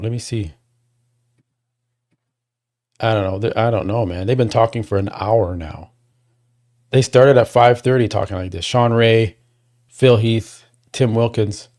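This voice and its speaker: A man hosting a casual livestream watchalong, rambling and talking to his chat, and getting loud and worked up when he complains. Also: fairly low pitch. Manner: rambling, restarts, talks to chat. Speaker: livestream host.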